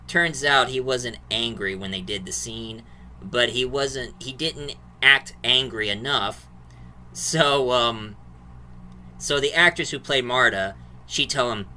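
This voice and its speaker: Brief: male movie reviewer, casual and rambling, very bright, cutting tone. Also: medium pitch. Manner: rambling plot recap, restarts and fillers.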